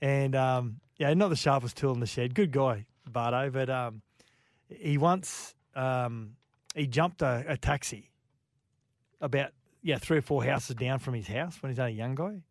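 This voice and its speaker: A man's voice: medium pitch, measured pace, no echo, studio quality. A man with an Australian accent hosting a sports radio show, telling rugby league stories and reading out listener texts. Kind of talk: casual sports radio chat.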